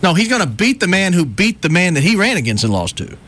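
A male radio host with a slightly high voice that swings widely in pitch. He reads out news in a jokey, sarcastic way and laughs often during casual banter. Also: sing-song, fast, a bit bright. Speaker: radio talk show host.

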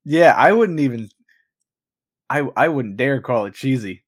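A man co-hosting a podcast in a casual chat, animated and profane, filling his speech with "like". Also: medium pitch, measured pace. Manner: animated, profane, says "like" constantly. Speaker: podcast co-host.

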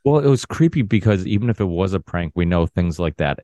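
A man's voice: low voice, lively intonation, brisk, mellow, dry recording, highs cut off. A man guesting on a podcast, chatting casually in a loose, self-correcting way. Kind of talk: casual conversation.

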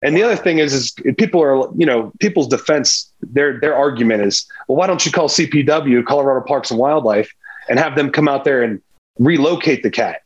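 A man's voice: mid-range voice, a little fast, slightly rough, highs cut off. A man, a former pro football player, telling a hunting story as a podcast guest, acting out the dialogue. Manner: animated, tells a hunting story with lively quoted dialogue. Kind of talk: casual storytelling interview.

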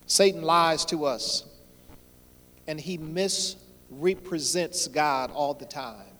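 A man's voice: fairly high pitch, slow. Man, pastor, sermon, folksy y'all, repeats lines, rising emphatic delivery, long reverb. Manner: emphatic preaching, repeats phrases, swells louder on key points; folksy, addresses crowd as y'all.

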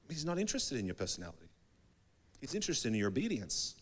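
A man's voice: on the high side, sing-song, fairly quick, a bit bright. A male pastor preaching a sermon in a conversational way, often acting out small dialogues.

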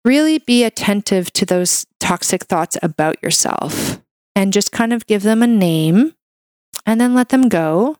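A woman's voice: mid-range voice, lively intonation, unhurried, darkish tone, no room sound, studio quality. A woman hosting a wellness podcast, talking in a heartfelt, encouraging way and filling her speech with "like" and "you know". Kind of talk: casual monologue.

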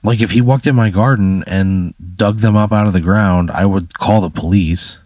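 Grumpy, swearing man with a low voice. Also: normal speed, darkish tone, no room sound. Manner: grumpy, exasperated, swears a lot. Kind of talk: casual comedic banter.

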